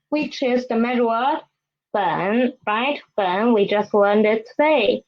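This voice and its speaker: A woman's voice: a little high, animated, dull audio. A woman with a Mandarin Chinese accent teaching a language lesson, patiently modeling words for students to repeat. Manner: slow, patient, modeling tones for repetition.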